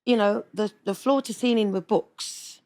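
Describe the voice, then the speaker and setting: A middle-aged woman, a singer being interviewed, tells animated stories and keeps breaking into laughter. She slips into little voices and sung scales as she goes, at an ordinary middle pitch. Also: a little slow. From England. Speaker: singer, guest. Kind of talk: interview storytelling.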